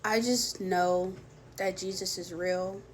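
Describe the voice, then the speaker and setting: A young woman telling a personal faith testimony in a soft, halting way, with many pauses and restarts, tearful at times. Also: on the low side, steady tone, slight background noise. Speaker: vlogger sharing a faith testimony. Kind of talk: personal testimony, emotional storytelling.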